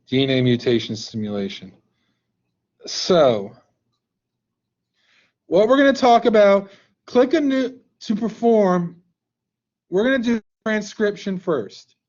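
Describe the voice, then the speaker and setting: High-voiced joking male teacher. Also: animated, slow pace, pauses often, darkish tone, lo-fi sound. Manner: joking, playful, coaxing students. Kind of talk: live online class teaching. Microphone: computer mic on a video call.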